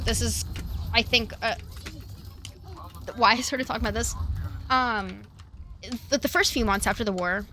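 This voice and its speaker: A woman's voice: on the high side, sharp tone, slight background noise. A young woman streamer talking casually and emotionally about her family, with many fillers and restarts. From family from Russia and Ukraine.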